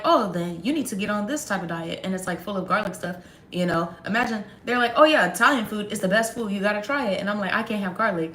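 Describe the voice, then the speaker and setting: A young woman chatting casually to viewers on a livestream, sarcastic and quick to laugh. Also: mid-range voice, fairly bright tone, echoey room. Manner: sarcastic, laughs often, talks straight to viewers. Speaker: livestream host.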